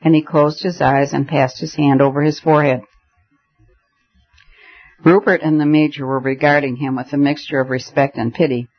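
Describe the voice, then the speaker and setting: A man narrating a story aloud in a measured, even storytelling voice. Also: a little high, highs cut off. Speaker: audiobook narrator. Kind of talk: scripted narration.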